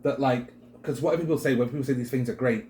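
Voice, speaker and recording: A man's voice: medium pitch, fast talker, a little hiss or hum. A British man co-hosting a wrestling chat show, talking casually and rambling with lots of fillers. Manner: rambling, filler-heavy, animated.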